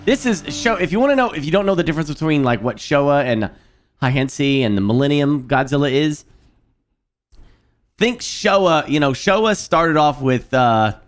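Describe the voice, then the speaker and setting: A man streaming a video game, chatting casually in a rambling, animated way. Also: a little high, moderate pace, faint music behind. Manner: rambling and animated, lots of fillers and restarts. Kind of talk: casual chat while playing a video game.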